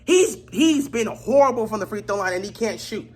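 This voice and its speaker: A woman delivering a heated sports rant, exasperated and repeatedly shouting in disbelief. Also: mid-range voice, lively intonation, moderate pace, slightly rough. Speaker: sports commentator.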